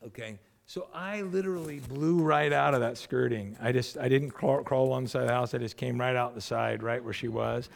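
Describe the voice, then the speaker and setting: A man's voice: medium pitch, steady tone, a little fast, vocal fry, hardly any pauses. A middle-aged man, a pastor, preaching a sermon in a loose, conversational storytelling way, often restarting his sentences.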